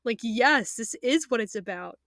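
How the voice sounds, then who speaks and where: A young woman rants with real passion, her fairly high voice tumbling through fillers, swears and restarts. She rambles casually and emotionally, circling back on her own thoughts. The sound is dry and close to the mic, with no room around her. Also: expressive, moderate pace, a bit bright, dry recording. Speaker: anime fan ranting.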